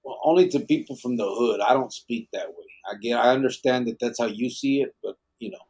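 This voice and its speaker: A man's voice: mid-range voice, brisk, a little mellow, husky. A man hosting a live podcast, chatting casually and reading out chat messages in a laid-back, slangy way that is full of swearing. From Arizona.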